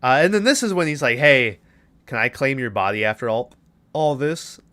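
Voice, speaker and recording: A man's voice: medium pitch, very animated, moderate pace, bright, forceful tone. A young man co-hosting a podcast, casually recapping a movie in a rambling, profane way and acting out its lines. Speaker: podcast co-host.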